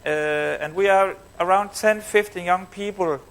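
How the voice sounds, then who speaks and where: A man voicing a bold young woman of twenty-three in a story he tells, slightly higher than his own voice, with teasing pauses. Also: clean tone, poor audio.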